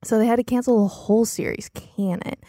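Podcast regular, woman; slow gravelly rambling improv, dry close recording. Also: on the high side, fairly even intonation, warm tone, dry recording. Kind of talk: casual improv game chat.

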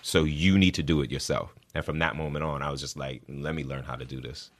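A man's voice: extremely low pitch, steady tone, brisk, a bit bright. A man in his thirties, a guest in an interview, talking earnestly and repeating words for emphasis. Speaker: guest, actor and singer. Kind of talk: interview conversation.

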